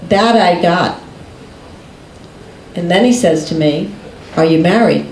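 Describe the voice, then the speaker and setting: A woman telling a personal story in conversation, unhurried and often breaking into laughter. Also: lowish voice, a loud crowd. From United States. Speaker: guest recounting a personal story. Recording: echoey room.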